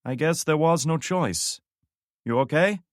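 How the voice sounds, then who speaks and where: A frantic male guard shouts over a crackling radio, his harsh voice pushed up high and loud, put on by a man narrating. He demands answers and barks orders in short, strained bursts of an audiobook scene. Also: measured pace, no echo, clean studio sound, close to an everyday voice. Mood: urgent. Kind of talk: audiobook character voice.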